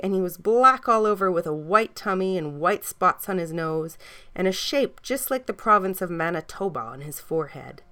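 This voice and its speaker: A woman reading a children's story aloud, gentle and soft, sometimes dropping almost to a hush. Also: fairly low pitch, smooth.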